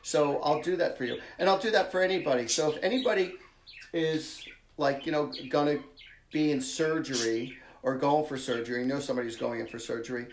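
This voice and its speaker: A man's voice: fairly high pitch, brisk. A man hosting a live-stream psychic reading for viewers, talking in a casual, blunt, chatty way. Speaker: psychic medium host. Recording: echoey room.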